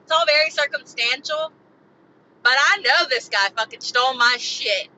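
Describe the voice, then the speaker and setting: Woman podcaster, bright high voice, agitated profane rambling vent, slightly lo-fi sound. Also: moderate pace, a little hiss or hum. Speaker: podcast host. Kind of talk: solo venting podcast.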